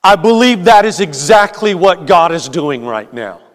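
A man preaching as a pastor, telling a story in a slow, measured way with hesitant fillers. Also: high-pitched, lively intonation. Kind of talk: sermon with storytelling. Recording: long hall reverb.

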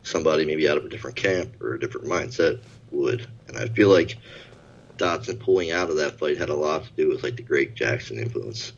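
A man co-hosts a casual sports podcast, rambling and hedging his points with many "like" and "I feel like". His very deep voice is brisk, with vocal fry and a breathy edge, and the audio's highs are cut off.

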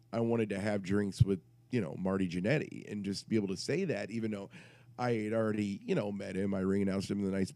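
Low-voiced man spinning a rambling, crude tale. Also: darkish tone. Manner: rambling, crude, self-interrupting anecdote. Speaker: podcast co-host. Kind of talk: casual podcast storytelling.

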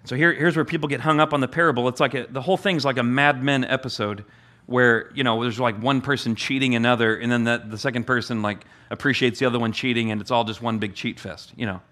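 A man's voice: steady tone, fast, bright, forceful tone. A man, the church's pastor, delivering a sermon in a conversational way, often restarting phrases and repeating words for emphasis. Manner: acts out the master's amused voice with a higher pitch.

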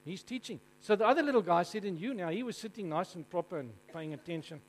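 A man with a South African accent preaching to a congregation. He tells stories in an animated, jokey way and keeps asking the audience questions. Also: high-pitched, fast talker, poor audio. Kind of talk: storytelling sermon to a live congregation.

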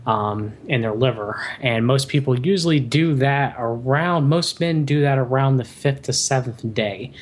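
A man's voice: medium pitch, unhurried, few pauses. A man on a podcast as a guest, explaining things in long, winding runs of casual chat.

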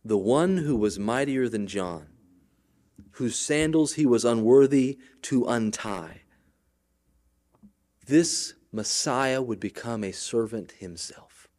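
Male pastor, sermon, animated, rising and falling voice, casual asides to the congregation. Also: mid-range voice, slow. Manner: animated preaching with wide swings between loud and quiet.

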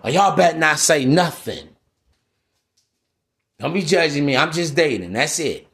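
High-voiced man ranting in street slang. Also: expressive, measured pace, vocal fry, fairly bright tone. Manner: profane, preachy, street-slang rant addressed to listeners. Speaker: podcast host. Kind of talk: solo podcast monologue.

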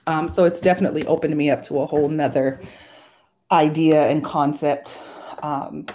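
A woman co-hosting a podcast, chatting in a relaxed, easygoing way and laughing easily. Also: low-pitched, moderate pace. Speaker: podcast co-host. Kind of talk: casual chat.

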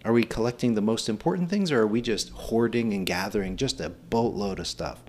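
A man's voice: fairly low pitch, fairly quick. A middle-aged man hosting a solo podcast, talking earnestly and encouragingly, asking the listener rhetorical questions. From Pennsylvania. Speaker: podcast host, nonprofit executive director.

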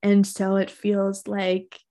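A young adult woman, a poet guest, speaking earnestly and reflectively and reading her poem in a soft voice. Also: mid-range voice, monotone, takes it slowly. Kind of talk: conversational interview and poetry reading.

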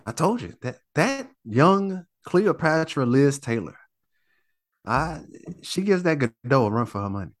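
A man co-hosting a podcast in casual chat, animated and profane, stammering and restarting as he talks. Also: a little high, unhurried. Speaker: podcast co-host.

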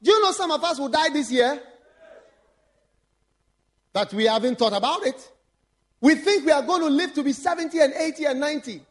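Brief: man, bishop giving a sermon, very high pitch, swinging lively delivery, laughs and shouts to land points. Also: moderate pace, long pauses. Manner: animated, laughs and shouts for emphasis. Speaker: bishop preaching.

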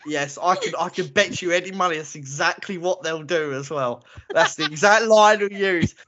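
A man's voice: a little high, normal speed, bright, forceful tone, slight background noise. A man co-hosting a casual chat, opinionated and ranting, laughing often. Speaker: podcast co-host. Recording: lo-fi muffled audio.

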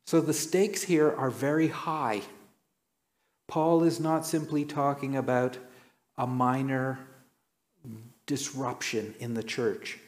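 A man preaching a sermon, telling stories and acting out quoted lines with sudden jumps in pitch. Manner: storytelling, acts out quotes with dramatic pitch jumps.

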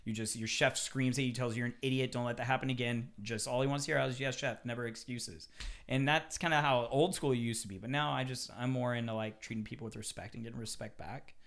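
A man who works as a chef, talking casually on a podcast and swearing freely as he acts out kitchen quotes with animated energy. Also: mid-range voice, quick pace.

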